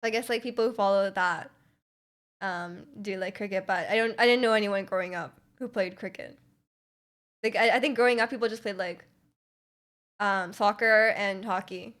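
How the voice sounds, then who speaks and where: A woman's voice: mid-range voice, fairly even intonation, moderate pace, a bit bright. A young woman from Canada, a streamer chatting casually with her live chat, rambling with lots of restarts and fillers and laughing often.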